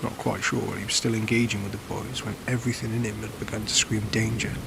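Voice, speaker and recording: A man narrating a scary story at a measured pace, sinking toward a whisper at tense moments. His voice is low with a gravelly rasp. Faint rain and distant thunder play softly behind him. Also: flat delivery, noisy background. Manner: measured, dropping to near-whispers on tense lines. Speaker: horror podcast narrator. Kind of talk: scripted horror story narration.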